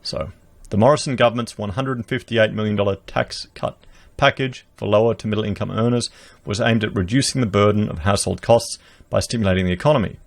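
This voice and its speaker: A man's voice: on the low side, fast talker, creaky. An Australian man giving emphatic, rhetorical political commentary to his viewers, reading out news and reacting to it, recorded close on a podcast mic. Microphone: podcast dynamic mic.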